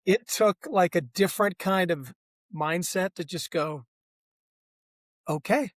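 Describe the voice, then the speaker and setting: A man's voice: high voice, unhurried, dry recording. A man, a guest on a podcast, telling his race story in a reflective, casual way.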